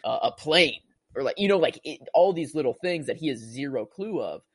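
A man's voice: on the high side, expressive, brisk, husky, no room sound. A man chatting casually about a movie, rambling and gushing, full of filler words and restarts. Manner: emotional, gushing about the film.

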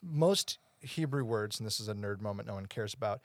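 A man's voice: lowish voice, animated, brisk, no room sound. Man explaining scripture in a dry, close sound. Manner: explanatory, digressive, often asks "you know what I'm saying". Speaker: podcast co-host teaching the Bible. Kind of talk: casual Bible study chat.

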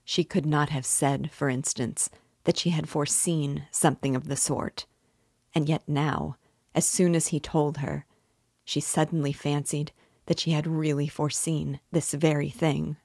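A woman reading a classic novel aloud in a measured, steady narration. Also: sits low, slightly rough, no room sound, clean studio sound. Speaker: book reader and guide.

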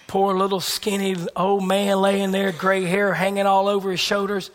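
A man preaching a sermon with an emphatic, repetitive cadence, swinging between loud fervor and hushed whispers. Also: high-pitched, completely flat delivery, normal speed, few pauses.

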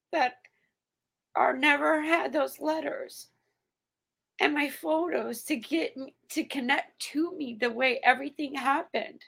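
A woman's voice: high-pitched, gravelly, a bit bright. A woman guest speaking earnestly and from the heart about a personal decision. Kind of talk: emotional personal account.

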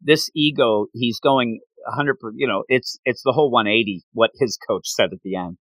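A man hosting a casual chat recapping an anime, talking in a rambling, animated way and laughing often. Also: medium pitch, normal speed, no echo, poor audio.

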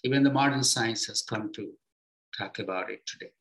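A man in a mid-pitched voice gives an unhurried spiritual teaching. He explains patiently and lets his phrases sink low and quiet at their ends. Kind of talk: reflective spiritual talk.

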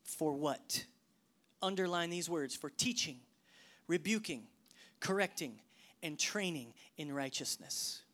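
A man preaching a sermon, swinging between loud emphasis and hushed, whispered lines. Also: a little high, takes it slowly, long pauses. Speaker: pastor.

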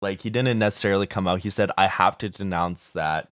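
Deep-voiced laid-back man, dry sound. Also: steady tone, a little fast, a bit bright, no echo. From Canada. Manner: laid-back, swears freely, hedging. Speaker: podcast co-host. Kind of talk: casual chat.

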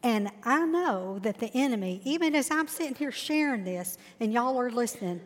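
A woman's voice: a little high, expressive, normal speed, hardly any pauses. A woman, sharing a heartfelt faith testimony as a guest. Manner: earnest, heartfelt storytelling. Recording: long hall reverb.

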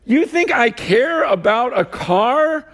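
High-voiced, animated male preacher. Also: takes it slowly. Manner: animated and conversational, with fillers and laughs. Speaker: guest preacher. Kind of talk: sermon.

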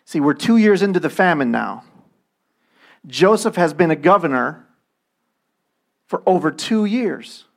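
A man's voice: a little high, expressive, a little slow, gravelly, pauses often. A man preaching a sermon in a conversational way, acting out quoted voices as he goes. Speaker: pastor.

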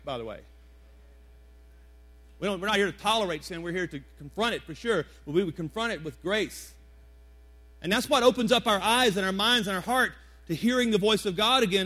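A pastor in his forties preaches in a church, his high voice loose and conversational. He repeats key phrases for emphasis and keeps asking the congregation questions. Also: bright, forceful tone. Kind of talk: sermon. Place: church sanctuary before a congregation.

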